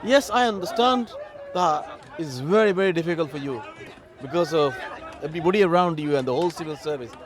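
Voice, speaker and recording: A man's voice: a little high, a little fast, a crowd in the background. Heated man ranting in the street. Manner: heated and emphatic, with rhetorical questions and tag questions. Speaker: political commentator. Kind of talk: impassioned political monologue. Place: outdoors in a city.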